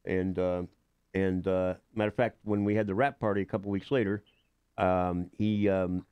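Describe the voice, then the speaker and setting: A man's voice: low-pitched, steady tone, normal speed, clean tone, no echo, muffled recording. An older man, a guest actor on a radio show, telling rambling stories in casual talk, with many fillers and restarts. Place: radio studio.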